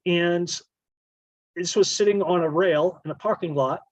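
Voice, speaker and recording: A man's voice: high-pitched, unhurried, a little mellow, no room sound, muffled recording. A man giving a casual slideshow presentation on bird photography, explaining at length and often correcting himself mid-sentence. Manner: explanatory, rambling, self-correcting.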